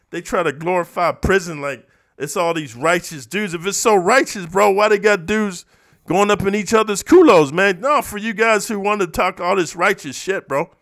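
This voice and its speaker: A man from the eastern United States delivers a heated, profane rant to his audience, calling everyone "bro." His voice sits high for a man and the sound is dry, with no room around it. He drops to low mutters, then bursts out loud. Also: dry recording. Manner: profane, confrontational, says "bro" constantly; swings between low muttering and loud outbursts. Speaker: YouTuber reacting to comments. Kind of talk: heated ranting monologue.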